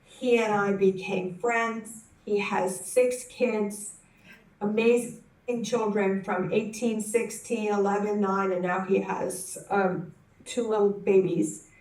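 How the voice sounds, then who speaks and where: Slow-talking woman storyteller in a roomy hall. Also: mid-range voice. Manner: animated, acts out the voices in her story; frequent self-corrections and restarts. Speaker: conference speaker. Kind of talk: personal storytelling talk. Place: conference hall. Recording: roomy hall, speaker distant from the mic.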